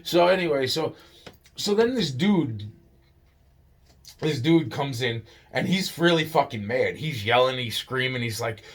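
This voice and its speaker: A man's voice: medium pitch, animated, measured pace. Male storyteller, casual and profane, loose rambling delivery with lots of restarts.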